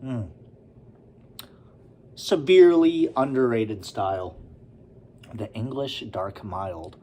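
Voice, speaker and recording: Slow-talking man reviewing a beer. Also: mid-range voice, slight background noise. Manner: relaxed, rambling, with many fillers and asides.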